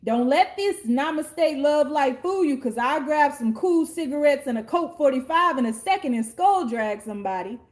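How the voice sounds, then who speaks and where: This is a high-voiced woman doing a casual tarot reading on camera. She talks bluntly and sassily, swears freely and leans into slangy street talk. She sounds like herself, with nothing put on. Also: lively intonation, moderate pace, hardly any pauses. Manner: blunt, sassy and profane. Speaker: tarot card reader.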